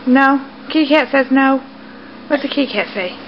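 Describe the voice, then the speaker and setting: A woman coaxes a toddler in a high, sing-song, easily amused voice. The home-video sound is dull and lo-fi, with a faint hiss. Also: normal speed. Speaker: parent quizzing a toddler.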